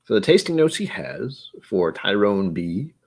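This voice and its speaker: A man's voice: lowish voice, big pitch swings, a little slow, gravelly, darkish tone, slightly rough. A young man hosting a casual live-stream whiskey tasting, rambling playfully and breaking into silly noises and humming.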